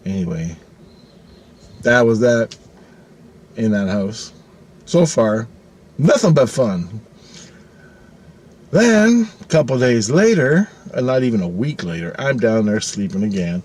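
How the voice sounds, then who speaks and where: A man's voice: fairly low pitch, unhurried, long pauses. A middle-aged man telling a personal story casually, swearing often and acting out the voices he quotes. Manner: profane, animated, acts out quoted voices.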